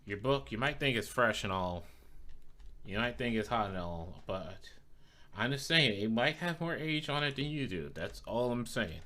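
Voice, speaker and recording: A man's voice: medium pitch, lively intonation, normal speed, pushed and bright. A male streamer chatting casually while he plays, teasing his chat playfully and swearing freely.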